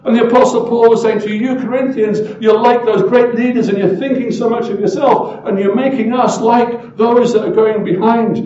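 A man preaching a sermon as pastor, emphatic and full of rhetorical questions, often swinging from loud to hushed. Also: very high-pitched, fairly even intonation, normal speed, hardly any pauses, reverberant, muffled recording.

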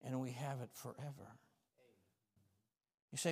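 A male pastor preaching a fervent sermon with folksy, self-mocking humor, swinging between shouts and quiet talk. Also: medium pitch, fairly even intonation, normal speed, pauses often. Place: church sanctuary. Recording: long reverb of a church hall.

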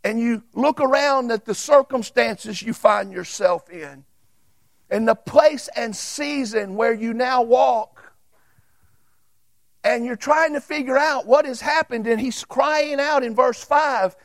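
A man, preaching a sermon as a Baptist pastor and reading scripture aloud with emphatic pauses. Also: extremely high pitch, no room sound.

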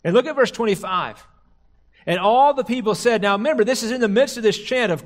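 A man preaching a sermon as a pastor, slowing down and dropping low to stress key words. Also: animated. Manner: slows and drops low for emphasis, quotes crowd cries dramatically.

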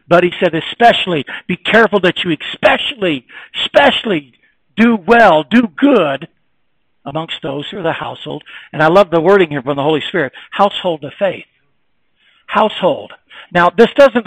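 A man with a fairly high voice preaches an emphatic, repetitive sermon, swinging between quiet reflection and raised, insistent passages. The recording is dry and the audio poor.

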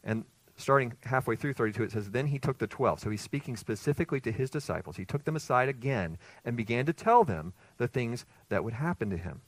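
Emphatic preacher, dry close sound. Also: male voice, mid-range voice, lively intonation, fast, no room sound. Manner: emphatic, rising intensity, rhetorical questions. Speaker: pastor. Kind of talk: expository sermon.

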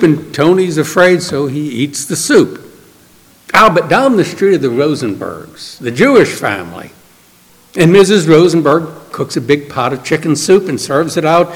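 Pastor, male, high voice, earnest storyteller, recorded in a reverberant hall. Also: animated, normal speed. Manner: storytelling, earnest, acts out quotes. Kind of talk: sermon.

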